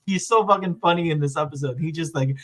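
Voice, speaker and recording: With a slightly high, somewhat bright voice, a podcast host speeds through a recap of an anime season. It's a loose, rambling rundown loaded with fillers, and he acts out quotes along the way.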